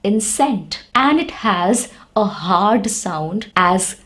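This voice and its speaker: A woman's voice: mid-range voice, animated, very slow, fairly bright tone. A woman teaching an English lesson, explaining patiently step by step and repeating the example words.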